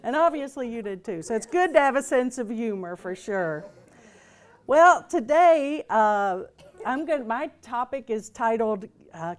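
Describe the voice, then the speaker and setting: A woman's voice: on the high side, expressive, unhurried. A woman reverend giving a casual, humorous talk to a group in a gathering room, chatty and loose, with many fillers and restarts. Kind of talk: casual spoken sermon with humor.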